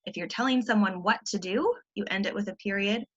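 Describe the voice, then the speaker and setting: A woman teacher walks through a grammar lesson patiently and step by step, with plenty of ums. Her voice sits at an ordinary middle pitch. The recording is slightly muffled and lo-fi, like a computer mic during a screen share. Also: fairly quick, a bit bright, husky.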